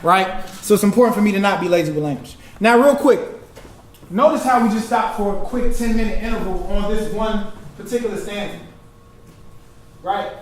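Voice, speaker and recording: A man's voice: high-pitched, moderate pace, a little hiss or hum. A man giving an artist talk as a performance poet, teaching in an interactive call-and-response style and prompting his audience to finish his phrases. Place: lecture hall with a live audience. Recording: echoey hall recording from far off.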